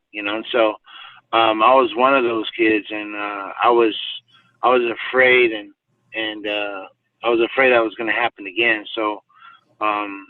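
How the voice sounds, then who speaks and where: A man's voice: medium pitch, no echo. Guy telling a long story, lots of uhs and you knows, sounds like a phone call from across the room. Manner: rambling, many fillers and restarts. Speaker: podcast guest. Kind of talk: personal storytelling. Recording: tinny phone-like sound from far off.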